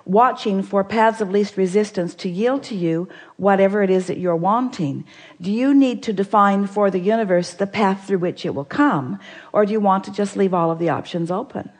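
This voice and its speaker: Measured woman speaking as "we". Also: mid-range voice. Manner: speaks as a collective "we", measured and emphatic. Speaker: seminar speaker answering audience questions. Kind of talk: live seminar question-and-answer.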